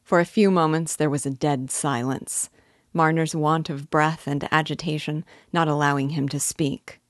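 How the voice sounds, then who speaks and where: A woman narrates a classic novel in a measured, even reading. Her voice sits low. The recording is dry and close. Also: no room sound. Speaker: literature teacher reading aloud. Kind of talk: audiobook narration.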